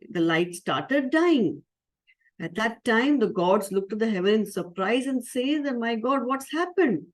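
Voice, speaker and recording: A woman who is a spiritual teacher, telling a story to children in a lively way and asking them questions. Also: medium pitch. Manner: lively, asks the audience questions.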